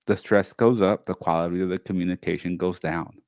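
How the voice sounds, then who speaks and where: Man, co-host, low voice, casual animated storytelling, dry recording. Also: brisk, no echo. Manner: animated storytelling, acts out quoted family lines. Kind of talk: casual conversational talk.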